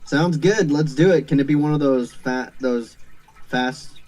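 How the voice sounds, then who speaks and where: Chatty male stream co-host, mellow tone, rambles easily. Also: medium pitch, measured pace, low-quality recording. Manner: chatty, rambling, laughs often. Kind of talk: casual chat.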